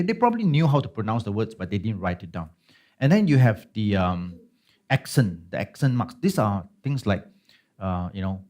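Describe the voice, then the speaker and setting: A man's voice: lowish voice, a little mellow. A pastor teaching a Bible study class in a conversational way, often checking in with his listeners. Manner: conversational, checks in with listeners with frequent tag questions.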